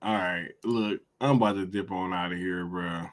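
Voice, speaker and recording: A man's voice: sits low, fairly even intonation, moderate pace. A man hosting a casual livestream, chatting in slang, reading viewer comments aloud and laughing often. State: hungry after a long day. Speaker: livestream host.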